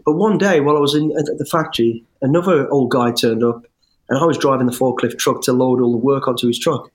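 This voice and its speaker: A middle-aged man, an interview guest telling his life story in an animated, rambling way with restarts and swearing. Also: medium pitch, quick pace. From English West Midlands. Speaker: interview guest, former soldier. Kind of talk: storytelling in conversation.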